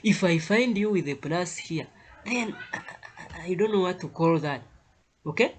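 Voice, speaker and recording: A man's voice: high voice, animated, a little slow. A man teaching a chemistry lesson, stressing key points over and over and tagging his sentences with "eh?" and "okay?", now and then dropping to a near whisper. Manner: emphatic, repeats key points with tag questions like "eh?" and "okay?".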